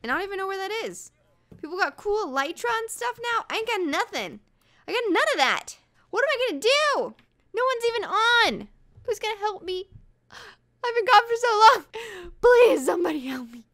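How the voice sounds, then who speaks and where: A young woman narrating her game in a bubbly, theatrical way, acting offended for laughs. Her voice sits very high and swings around a lot. The tone is bright and clear. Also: big pitch swings, normal speed. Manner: bubbly, dramatic, mock-offended. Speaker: gaming channel host. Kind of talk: casual gaming commentary.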